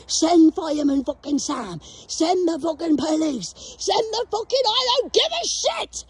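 A woman ranting profanely outdoors in a graveyard, shouting at unseen enemies on a phone camera. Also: sits high, expressive, normal speed, hardly any pauses. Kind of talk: ranting spiritual vlog.

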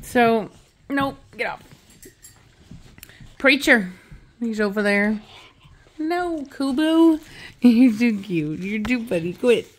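A dog breeder who hosts her own channel films a casual vlog indoors by a fire, slipping into affectionate baby talk with her puppies. Her voice is slightly high and animated, yet she speaks slowly with long pauses. Dogs can be heard in the background.

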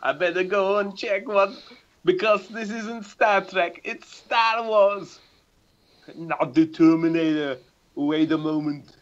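A man voicing a robotic cyborg action hero with flat, clipped, deadpan delivery. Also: high-pitched, slow, lo-fi sound.

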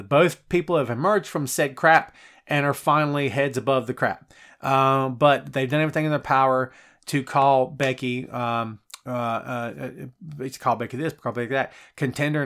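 A middle-aged man hosting a live show, reading out chat messages and wisecracking in an animated, conversational way. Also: medium pitch. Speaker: podcast host.

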